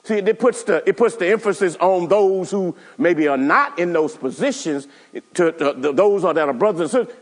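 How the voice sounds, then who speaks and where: High-voiced, stammering male preacher. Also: animated, normal speed, long reverb tail. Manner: emphatic, with many stammered restarts and calls to the congregation. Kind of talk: sermon.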